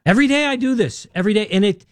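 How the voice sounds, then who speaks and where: A man's voice: sits high, lively intonation, racing, no room sound, studio quality. A man calling in to a radio show, rambling and getting agitated, often repeating himself. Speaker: caller. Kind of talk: call-in radio chat.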